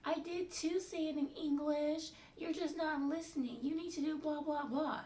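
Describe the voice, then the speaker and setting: A woman putting on the voice of a shrill, accusing female doctor boss who scolds her assistant. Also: fairly even intonation, moderate pace, a little mellow, lightly acted. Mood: scolding. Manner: high, insistent, accusing. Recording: roomy, distant, faint hiss.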